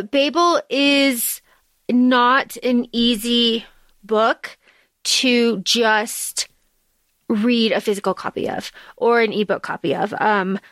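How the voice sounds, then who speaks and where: A woman co-hosting a podcast in casual chat, speaking in a thoughtful, halting way with pauses. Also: a little high, a bit bright, no room sound. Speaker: podcast co-host.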